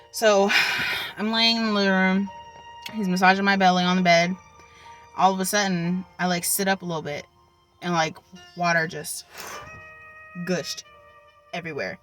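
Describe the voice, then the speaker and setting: Bright-voiced young woman telling a story. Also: fairly low pitch, steady tone, a little slow, long pauses, faint music behind, low-quality recording. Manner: chatty, filler-heavy, with many likes and ums. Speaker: vlogger. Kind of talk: casual storytime.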